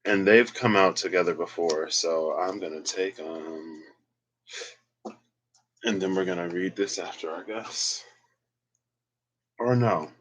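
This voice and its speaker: A man with a low voice gives a casual tarot reading on his own. He talks slowly and rambles, thinking aloud as he works through the cards. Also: a bit bright, poor audio. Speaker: tarot reader.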